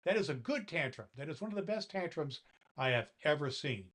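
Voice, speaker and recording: A mischievous little elf, put on by a man reading a story, cheers in a gleeful, raised voice. He sounds cheeky and pleased with himself, pitched well above the reader's usual tone. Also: very animated, brisk, a bit bright.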